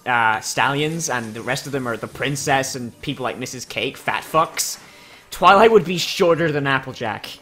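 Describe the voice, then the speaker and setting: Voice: mid-range voice, expressive, moderate pace, bright, forceful tone, a little hiss or hum. Crude, sardonic reaction commentator. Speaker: video reactor.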